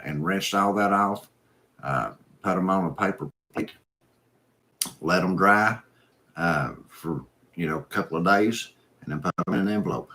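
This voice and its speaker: A man's voice: low-pitched, pushed and bright. A man hosting a live stream, reading viewer comments and chatting in an easygoing, folksy, rambling way. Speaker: host.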